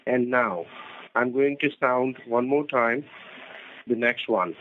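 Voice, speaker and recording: A man on a phone call, speaking in halting, broken phrasing and insisting on his instructions. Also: medium pitch, slight background noise. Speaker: phone scammer. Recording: tinny phone line.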